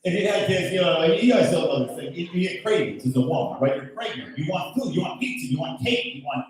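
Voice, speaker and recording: Brash stand-up comic in an echoey room. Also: male voice, fairly high pitch, expressive, quick pace, far from the mic. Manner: loud, brash, crowd-working, swears freely. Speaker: stand-up comedian hosting the show. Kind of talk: live stand-up comedy. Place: comedy show in a golf club venue. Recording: echoey room, mic heard from afar.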